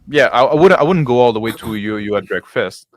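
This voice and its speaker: Non-native-English male host, mid voice, halting casual delivery, dry close mic. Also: mid-range voice, expressive, no room sound. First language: not English. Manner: halting, restarts phrases, non-native grammar. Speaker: game master and podcast host. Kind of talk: casual discussion.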